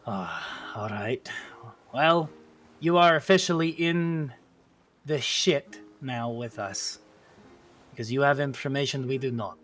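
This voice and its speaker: A man's voice: mid-range voice, slow, a bit bright, faint music behind. A man voicing a weary, blunt male ruler who questions and sighs. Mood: resigned. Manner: blunt, sighing.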